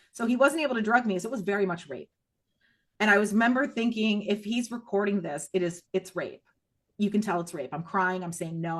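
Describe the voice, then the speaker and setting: A middle-aged woman appears as a podcast guest, offering raw, emotional personal testimony. She's blunt and swears heavily, her voice moving from low and hushed to high and loud.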